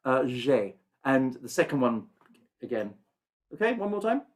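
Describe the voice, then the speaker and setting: A gentle, thoughtful man leads a singing masterclass on a video call, searching for the right words and humming rhythms to illustrate. His pitch is medium, his delivery very animated and a little slow.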